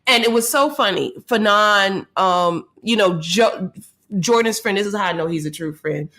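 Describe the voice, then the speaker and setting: A woman co-hosting a podcast in casual chat, telling a story in an animated way. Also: medium pitch, normal speed. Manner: animated storyteller, loud laughing bursts. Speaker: podcast co-host.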